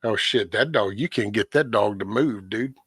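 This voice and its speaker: This morning livestream host, a middle-aged man, rambles easily through a casual chat with viewers, dropping folksy asides and the occasional curse. He talks at normal speed in a low, slightly rough voice, recorded close up and dry without any echo.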